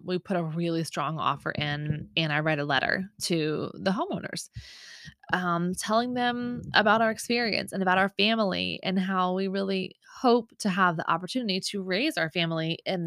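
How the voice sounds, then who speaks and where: A woman's voice: lowish voice, fairly bright tone, no echo, clean studio sound. A woman in her thirties hosting a podcast, telling a story in a chatty, emotional way with lots of fillers and asides. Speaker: podcast host. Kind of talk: casual storytelling chat.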